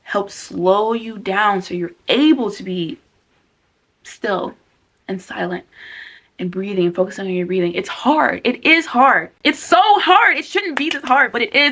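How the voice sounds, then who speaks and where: Young woman vlogging about self-care, earnest and candid, gets animated. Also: on the high side. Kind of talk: casual self-help talk to camera.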